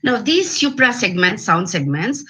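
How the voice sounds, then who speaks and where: A woman with an Indian English accent giving an academic lecture on phonetics over a video call, deliberate and full of fillers and restarts. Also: medium pitch, very animated, a bit bright, breathy edge, low-quality recording.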